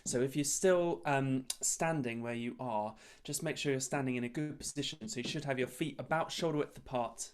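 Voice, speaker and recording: A man leading a choir's breathing warm-up over a video call, giving calm, encouraging step-by-step instructions. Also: mid-range voice, normal speed, few pauses, clear, resonant tone. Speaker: choir leader.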